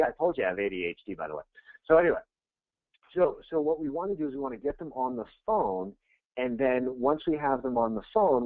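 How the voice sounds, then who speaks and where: A man's voice: medium pitch, dry recording. Blunt, talkative male sales coach. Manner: energetic, conversational, blunt and self-interrupting. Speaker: real estate sales coach. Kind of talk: webinar presentation. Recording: tinny, dry phone-like webinar audio.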